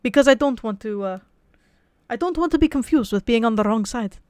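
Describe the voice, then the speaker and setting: A woman voice actress chatting casually on a livestream, rambling with frequent restarts and soft laughs. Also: a little high, animated, fairly quick, smooth, no room sound, clean studio sound. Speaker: voice actress and streamer.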